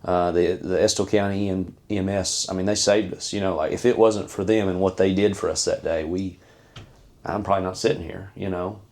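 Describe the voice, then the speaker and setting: A man, a podcast guest telling a personal story in an earnest, halting way with many fillers and restarts. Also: low voice, fairly even intonation, a little mellow.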